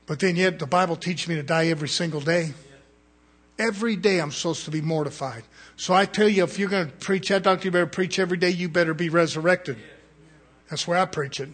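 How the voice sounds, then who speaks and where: A man preaching a fiery sermon, swinging from quiet asides to shouted peaks. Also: high-pitched, quick pace, husky.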